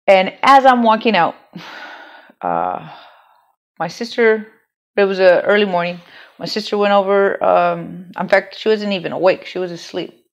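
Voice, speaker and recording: A woman's voice: medium pitch, lively intonation, moderate pace, long pauses. A woman telling a personal story in a candid, rambling way, swearing freely and restarting her sentences. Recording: dull lo-fi home recording.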